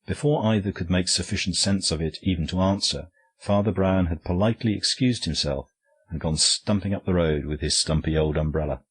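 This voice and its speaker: Deep husky guy reading an audiobook, steady and even. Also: fairly quick. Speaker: audiobook narrator. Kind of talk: scripted audiobook narration.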